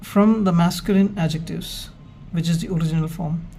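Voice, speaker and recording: A man teaching Hebrew grammar in a slow, measured way, explaining step by step with pauses. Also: on the high side, steady tone, vocal fry, darkish tone, a little hiss or hum. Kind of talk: slow, methodical grammar lesson.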